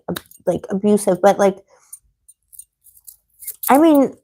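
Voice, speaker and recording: A woman hosting a tarot live stream, talking in a loose, rambling way. She answers viewers by name and gets heated and outspoken as she vents. Her pitch sits in an ordinary middle range for a woman. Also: moderate pace, a little mellow. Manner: rambling, getting heated and venting. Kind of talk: casual livestream chat answering viewers.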